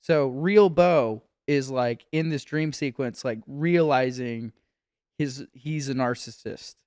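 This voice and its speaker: A man chatting casually on a comedy podcast, retelling scenes in an animated way, laughing often and filling with "like". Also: mid-range voice, slow pace, smooth, no room sound, studio quality. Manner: animated retelling, laughs a lot, many "like" fillers. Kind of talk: casual chat.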